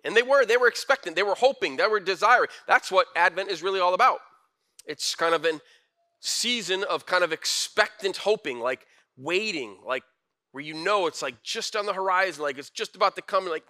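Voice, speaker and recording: A young man preaching a casual, conversational sermon with slang and animated asides. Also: a little high, brisk. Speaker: pastor.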